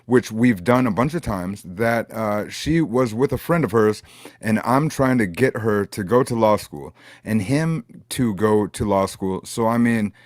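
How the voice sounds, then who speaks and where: A man's voice: lowish voice, a little slow, dry recording, studio quality, close to an everyday voice. A man reading a male defendant's court testimony, hesitant and full of fillers. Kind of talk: comedic court transcript reading.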